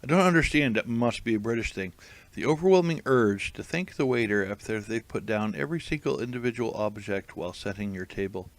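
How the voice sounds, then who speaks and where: Male comic reader, lowish voice, dry and amused, casual asides. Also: lively intonation, a little fast. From United States. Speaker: comedic reader of tweets. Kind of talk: casual comedic commentary.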